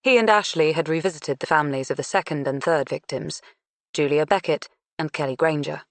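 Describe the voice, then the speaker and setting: A woman narrating an audiobook in a measured, unhurried reading. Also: deep voice, no echo. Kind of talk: scripted narration.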